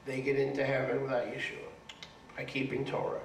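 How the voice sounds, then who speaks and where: A man's voice: mid-range voice, level tone, brisk, creaky, a little hiss or hum. A man preaching to a congregation as a rabbi, emphatic and repetitive, often asking the audience if they follow. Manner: emphatic, repeats words for stress, asks the audience for agreement. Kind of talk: sermon. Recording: echoey room, mic at a distance.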